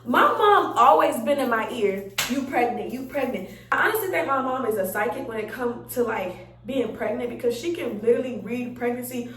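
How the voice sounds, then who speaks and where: A young woman tells a story in a casual, chatty way, acting out her own reactions. Her voice sits high. She sounds a little away from the mic in a roomy space at home. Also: lively intonation, fairly quick, hardly any pauses, fairly bright tone, distant mic, a little hiss or hum. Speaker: vlogger telling a story.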